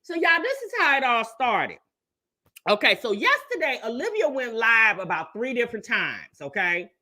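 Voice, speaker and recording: A woman's voice: a little high, big pitch swings, moderate pace, sharp tone. A woman hosting a casual livestream commentary, sassy, calling listeners baby and honey while greeting the chat.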